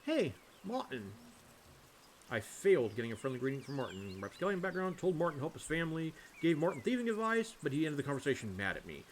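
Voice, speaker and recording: A playful man doing let's-play commentary, his pitch bouncing around loosely. He mutters offhand asides and hums silly noises as he plays. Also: big pitch swings, fast talker, hardly any pauses, a little hiss or hum. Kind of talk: game commentary.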